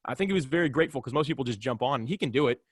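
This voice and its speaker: Man, podcast guest, fast talk, animated storytelling, middle pitch, dry close sound. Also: husky, no room sound. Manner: fast, animated storytelling, acting out both sides of conversations. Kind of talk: casual storytelling.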